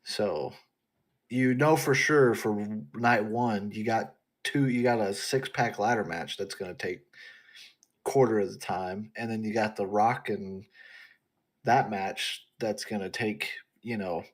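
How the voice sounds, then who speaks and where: Husky low-voiced male podcast co-host. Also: a little slow. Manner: laid-back, slangy, laughs easily. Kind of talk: casual wrestling podcast chat.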